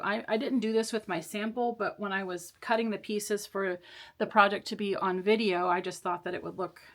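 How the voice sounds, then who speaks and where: A woman walks through a sewing project step by step in a relaxed, chatty way. She reassures the listener as she goes, with the odd small laugh and filler. Her voice sits at an average pitch. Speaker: sewing tutorial host. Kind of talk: casual step-by-step sewing instruction.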